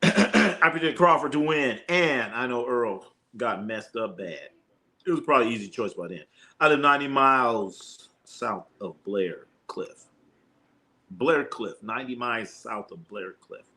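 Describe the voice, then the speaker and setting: Bright-voiced man chatting on a live stream. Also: mid-range voice, lively intonation, unhurried. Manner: loose, profane, joking. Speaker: host of a live sports stream. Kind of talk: casual livestream chat reading viewer comments.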